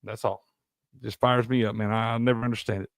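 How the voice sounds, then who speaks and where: A man's voice: lowish voice, little pitch movement, quick pace, vocal fry, no room sound, clean studio sound. A man from Tennessee, hosting a live sports stream, ranting heatedly and profanely while answering chat. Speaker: sports show host.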